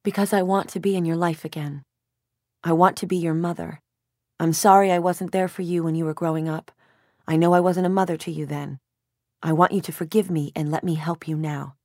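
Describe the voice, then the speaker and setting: Narrator puts on an insistent older mother, soothing and patient, low-pitched, close and dry. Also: fairly even intonation, a little fast, a little mellow, no room sound, close to an everyday voice. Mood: pleading. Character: older mother, a grandmother, gentle but insistent.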